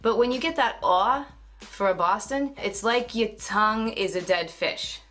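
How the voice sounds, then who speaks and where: A woman's voice: medium pitch, moderate pace, a bit bright, faint music behind. A woman dialect coach analysing accents in film clips, demonstrating the vowels and consonants as she explains them. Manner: demonstrative, imitates sounds.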